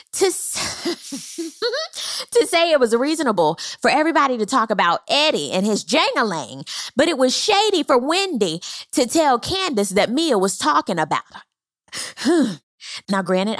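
A woman's voice: mid-range voice, a bit bright, dry recording, clean studio sound. A woman giving a sassy, casual recap of a reality show, dramatically quoting the cast. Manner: sassy, dramatic, quotes people in exaggerated voices.

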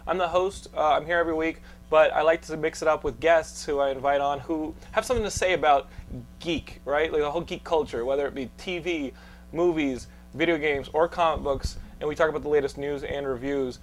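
Texan man host, lively rambling podcast chat, slightly high voice, close mic. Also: brisk. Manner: energetic, rambling, many fillers. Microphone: studio podcast mic.

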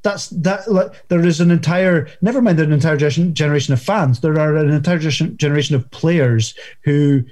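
A man's voice: fairly high pitch, normal speed, darkish tone. A Scottish man in casual football chat on a podcast, rambling with many restarts. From Scotland. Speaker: podcast co-host.

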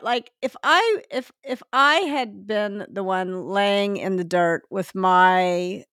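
A woman's voice: mid-range voice, a bit bright, dry recording, studio quality. A woman co-hosting an interview, supportive and thoughtful as she asks her question. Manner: supportive, frequent agreeing backchannels. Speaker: podcast co-host. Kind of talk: interview conversation.

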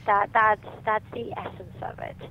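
A woman's voice: medium pitch, steady tone, moderate pace. A woman guest in an interview, talking animatedly and emphatically about parenting, and acting out the voices of the people she quotes. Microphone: phone line. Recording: tinny phone line with faint noise.

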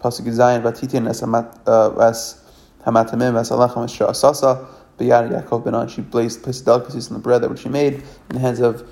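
A man reads scripture aloud and translates it line by line, in a lesson. His voice is gravelly and dark, with a rough fry underneath. He pauses often, corrects himself, and restarts half-finished words. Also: medium pitch, completely flat delivery. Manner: halting, self-correcting reading with many restarts. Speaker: Torah study reader. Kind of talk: reading and translating scripture verse by verse.

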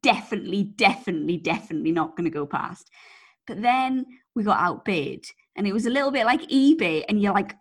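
A woman's voice: mid-range voice, lively intonation, normal speed, a little hiss or hum. A woman co-hosting a podcast, telling a rambling anecdote in casual chat, sprinkling in "like" and swearing freely. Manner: chatty storyteller, swears freely, lots of "like". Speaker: podcast co-host.

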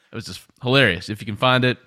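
A man's voice: medium pitch, fast talker, pushed and bright. A man co-hosting a podcast, joking around in an easygoing way. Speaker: podcast co-host. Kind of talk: casual podcast chat.

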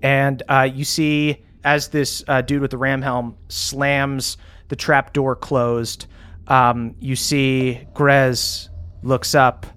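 A man's voice: mid-range voice, level tone, takes it slowly, a bit bright, clean tone. A man narrating a tabletop game as game master in a casual way, full of fillers.

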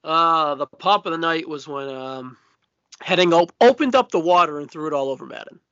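A man with a fairly high voice chimes in on a wrestling recap in a relaxed, easygoing way and laughs often. His audio sounds muffled and lo-fi. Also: moderate pace. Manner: laid-back, laughs often. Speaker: podcast co-host. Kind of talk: casual wrestling recap chat. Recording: dull lo-fi podcast audio.

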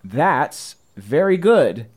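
A man running a tabletop role-playing game as game master, narrating scenes in a lively storytelling way and laughing often. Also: a little high, drawn-out words, husky.

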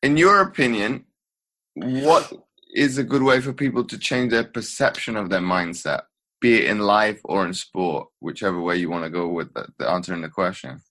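A man's voice: on the low side, moderate pace, a bit bright. A man interviewing a coach, asking long, rambling questions.

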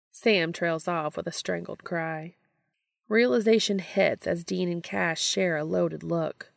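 A woman reading a fan fiction story aloud in a steady narrating voice. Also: sits low, slow, creaky, dry recording, clean studio sound.

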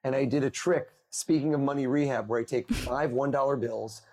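A man in his thirties, a mentalist guest on a podcast, telling lively stories and acting out the people in them. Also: medium pitch, brisk. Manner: animated storyteller, acts out quoted voices. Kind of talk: podcast interview over video call.

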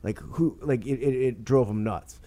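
A man telling stories as an author guest on a podcast, animated and rambling, with frequent laughs and restarts. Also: mid-range voice, normal speed. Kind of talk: podcast interview storytelling.

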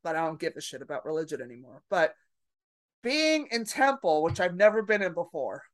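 A middle-aged woman comedian telling brash stories in a casual podcast chat, acting out her own reactions loudly. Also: on the low side, fairly quick, no echo. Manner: brash storyteller, loud animated re-enactments. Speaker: comedian guest.

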